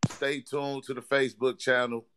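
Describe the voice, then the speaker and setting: A man's voice: mid-range voice, flat delivery, moderate pace, noisy background. A man hosting a battle rap show, laid-back and stammering in casual chat. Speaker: show host.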